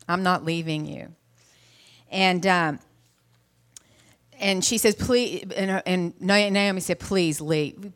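A woman's voice: medium pitch, fairly bright tone. Middle-aged woman preaching a chatty sermon. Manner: casual and chatty, with frequent restarts; clears her throat often. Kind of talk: Mother's Day sermon retelling a Bible story.

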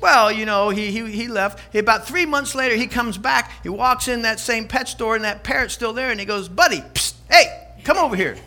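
An older man preaching a sermon in a church, energetic and emphatic, mixing exhortation with storytelling. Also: extremely high pitch, moderate pace, few pauses. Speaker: pastor.

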